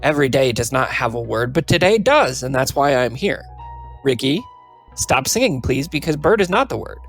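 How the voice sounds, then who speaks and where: A man voicing a cheeky, energetic deaf female cow dog, reading her diary entries in a playful, boastful way. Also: medium pitch, moderate pace, creaky, soft background music. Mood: pompous.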